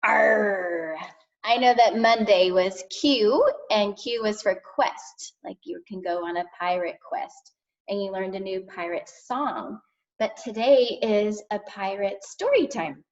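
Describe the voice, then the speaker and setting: A woman teacher reading a storybook aloud to kindergartners in an expressive, sing-song way. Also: mid-range voice, measured pace. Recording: distant dull lo-fi sound.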